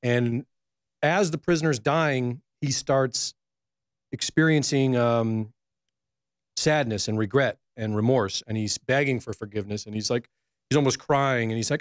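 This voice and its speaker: A man, a reporter, talking in a measured, hesitant way during a casual political chat. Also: mid-range voice, no echo, studio quality.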